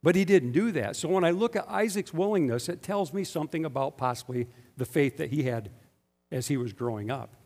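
Fairly quick and a touch mellow, a man's voice on the high side with lively intonation delivers a sermon. As a pastor he speaks with emphasis and keeps asking his congregation rhetorical questions, all under a long hall reverb.

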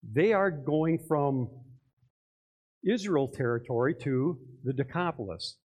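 An older man preaching a sermon, animated, acting out voices and putting questions to his congregation. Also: a little high, slow. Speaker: pastor.

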